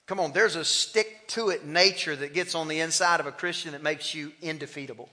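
Male pastor, high and very bright voice, fervent sermon delivery, long church reverb. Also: brisk. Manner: impassioned, calls on the congregation to respond. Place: church sanctuary.

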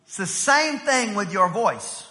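A pastor, a man in his thirties, preaching an energetic sermon to his church, telling family stories and rising to shouts. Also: high-pitched, measured pace. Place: church sanctuary. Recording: long reverb from a church hall.

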